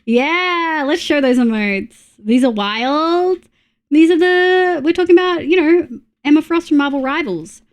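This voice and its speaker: In a high, unhurried voice, a young Australian woman talks casually and bluntly to her live-stream chat during play. She greets viewers and hums as she builds.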